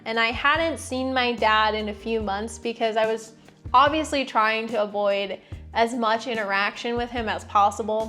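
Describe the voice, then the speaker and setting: A young woman tells her own story straight to camera, blunt and sarcastic, with swearing slipped in. Her voice sits a little high for a woman. Soft music plays faintly underneath. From United States. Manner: frank, sarcastic, swears freely. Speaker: vlogger. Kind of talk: candid personal storytelling.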